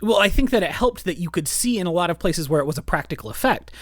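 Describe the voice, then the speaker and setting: A podcast co-host in a casual film chat who talks quickly and animatedly, full of restarts and "like"s. The voice sits mid-range in pitch. The sound is dry and close, with no room echo. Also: soft background music. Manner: animated, talks fast with many restarts and fillers.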